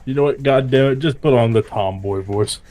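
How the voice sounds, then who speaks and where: A man playing a tabletop game, talking quickly, arguing and swearing with his friends. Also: mid-range voice, mellow, a little hiss or hum. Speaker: player. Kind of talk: casual chat during a tabletop game.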